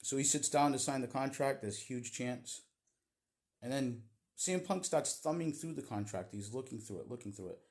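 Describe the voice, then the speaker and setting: A man's voice: medium pitch, normal speed, darkish tone. A man giving a casual, opinionated recap of a wrestling show in a chatty storytelling way. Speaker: wrestling vlogger.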